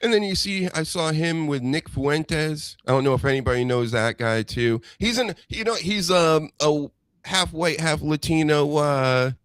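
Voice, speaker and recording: A man's voice: on the high side, smooth, dry recording. A man hosting a casual podcast chat, talking in a rambling, easygoing way. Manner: rambling, chatty, drawn-out storytelling.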